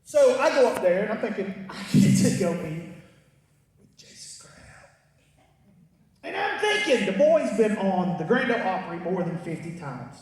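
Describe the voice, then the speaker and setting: A man's voice: high voice, sing-song, fairly quick, few pauses, a little mellow. A man doing a stand-up set, telling folksy stories with punchlines and asides to the crowd. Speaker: stand-up comedian. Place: large concert hall with a live crowd. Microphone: stage mic heard from far off in the audience. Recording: echoey hall recorded from far back in the audience.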